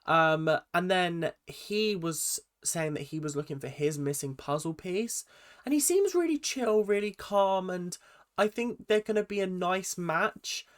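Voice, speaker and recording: A man's voice: sits high, expressive, a little slow. A young man giving a chatty, exasperated recap of a reality show, full of ums and restarts. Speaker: reaction vlogger. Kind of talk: casual recap commentary.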